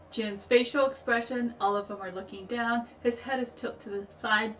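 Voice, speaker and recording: A woman's voice: mid-range voice, fairly even intonation, fairly quick, few pauses, distant mic. Enthusiastic woman, echoey room, music behind. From United States. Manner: enthusiastic, explains at length, gushes. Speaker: music video reaction host. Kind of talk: casual reaction commentary. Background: music playing.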